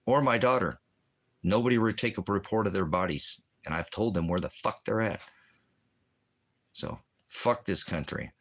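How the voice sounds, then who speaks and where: A man's voice: fairly low pitch, moderate pace, a bit bright. A man, a military veteran, delivering an angry, profane, rambling rant. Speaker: veteran ranting.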